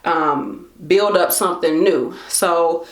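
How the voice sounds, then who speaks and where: A woman's voice: lowish voice, slow, echoey room. A woman in her late twenties talking casually to camera, chatty and slangy, acting out her own thoughts. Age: late 20s. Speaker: vlogger.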